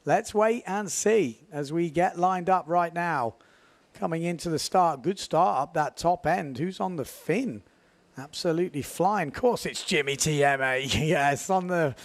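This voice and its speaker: A man giving live, chatty commentary on a windsurf race, building excitement at key moments. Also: fairly high pitch, measured pace, no echo.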